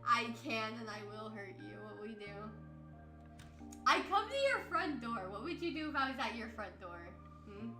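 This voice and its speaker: Speaking at normal speed in a slightly high, sing-song voice, a weary woman streamer rambles through a casual chat and reads messages aloud. Frequent laughter and playful outbursts punctuate her talk, over background music in a roomy space.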